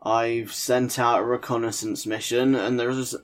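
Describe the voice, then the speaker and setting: A woman's voice: a bass voice, flat delivery, unhurried, faint music behind. A woman chatting dryly between takes of a podcast recording. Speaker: podcast voice actor. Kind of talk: casual chat between takes.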